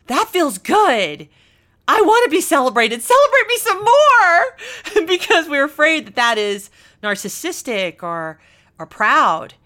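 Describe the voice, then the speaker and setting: A woman hosting a radio talk show, chatty and animated, acting out little quotes as she talks. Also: fairly low pitch.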